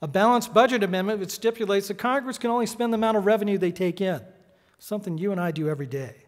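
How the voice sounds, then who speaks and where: A middle-aged editorial cartoonist delivers a prepared speech at a podium mic in a large hall, with long reverb trailing his words. His voice is high and he talks fast, in a punchy, sardonic style.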